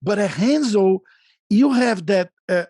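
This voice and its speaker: A man's voice: high voice, lively intonation, slow pace, a little mellow, no echo, clean studio sound. A man speaking earnestly and emphatically in casual chat, repeating his points.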